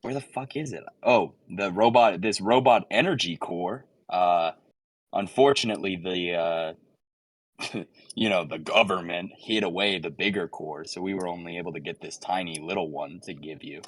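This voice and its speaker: Young man, very low voice, dry close sound, rambling in-character bluffing, tabletop role-play. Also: moderate pace, dry recording. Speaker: player.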